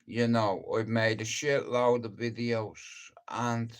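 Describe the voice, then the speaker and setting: Male live-stream host, slow, profane, rambling, mid-range voice. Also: medium pitch, steady tone. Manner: profane, rambling storyteller who addresses viewers directly. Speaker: livestream host.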